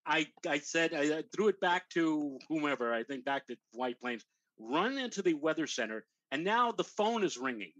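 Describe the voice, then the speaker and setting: A man's voice: on the high side, moderate pace, no room sound, highs cut off. An older man, a weather show host, telling a long anecdote in casual chat and acting out the voices of the people in it. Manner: animated anecdote teller, acts out quoted voices.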